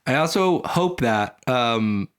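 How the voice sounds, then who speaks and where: A man's voice: medium pitch, animated, slow, clear, resonant tone. A man co-hosting a comedy podcast, reading scripture aloud and breaking off into joking asides. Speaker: podcast co-host. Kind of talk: casual comedic Bible chat.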